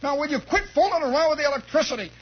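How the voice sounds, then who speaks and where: A man voicing an exasperated middle-aged mother who scolds in a shrill, nagging way, on a dull lo-fi 1960s radio recording. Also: expressive, rapid-fire. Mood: exasperated scolding.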